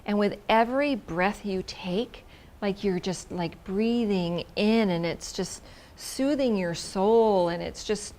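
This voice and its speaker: A woman's voice: medium pitch, slow pace. Effusive woman telling a personal story. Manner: expressive, effusive, repeats words for emphasis, drops into whispers.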